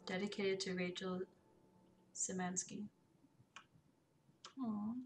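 A woman's voice: mid-range voice, little pitch movement, slow pace. A woman playing a story game, reading its text aloud and adding casual, hesitant comments with fillers. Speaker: let's play gamer. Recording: distant mic under loud game music.

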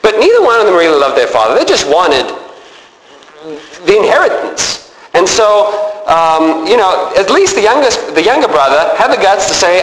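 A man preaching a sermon, lively and expressive, acting out characters in the story as he speaks. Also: sits high, moderate pace, slight background noise. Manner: animated, acts out biblical characters with changing voice. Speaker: pastor. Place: church sanctuary. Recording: echoey church hall, faint ambience.

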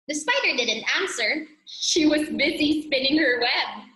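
A woman teacher, reading a storybook aloud to young children in an animated, playful, coaxing way over a video call. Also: high-pitched, unhurried, hardly any pauses. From Philippines. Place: home room, online class. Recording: roomy video call audio.

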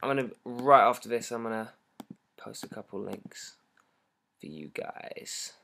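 Excitable British teenage boy chatting live. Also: medium pitch, a little slow, vocal fry. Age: teens. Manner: excitable, rambling, jokey. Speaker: singer hosting a fan livestream. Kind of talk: casual livestream chat reading fan comments.

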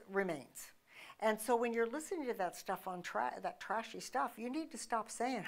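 A woman's voice: a little high, animated, moderate pace. A woman minister preaching in a conversational, emphatic style, with rhetorical questions and frequent restarts. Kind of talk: sermon.

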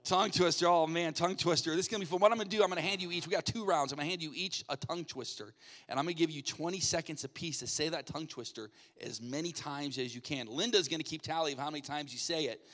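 Upbeat pastor in a reverberant church. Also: male voice, a little high, fairly bright tone. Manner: jokey, coaxing, quick asides. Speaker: pastor hosting a game. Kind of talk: playful audience hosting from the stage. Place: church sanctuary.

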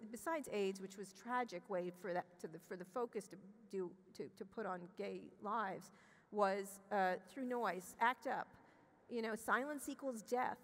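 A middle-aged woman telling a candid personal story as an interview guest on a conference stage, blunt and profane, restarting her sentences as she rushes ahead. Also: mid-range voice. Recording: long hall reverb.

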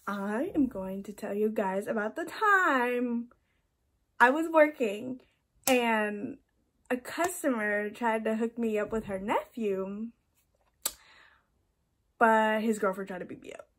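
A woman's voice: a little high, expressive, measured pace. A young woman telling a story on her vlog in a chatty, casual way, laughing often and saying "like" a lot. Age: young adult. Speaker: vlogger.

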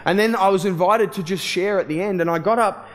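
A man's voice: high-pitched, fairly quick. A man, preaching a sermon as a casual, conversational storyteller who often restarts and fills with "you know". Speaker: pastor.

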